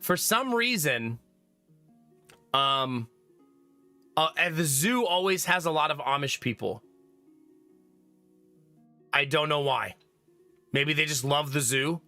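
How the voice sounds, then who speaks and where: A man chatting casually to his live-stream viewers while gaming, talkative and quick to laugh. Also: on the high side, lively intonation, pushed and bright, no room sound, soft background music. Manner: chatty, laughs often, talks to chat. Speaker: game streamer.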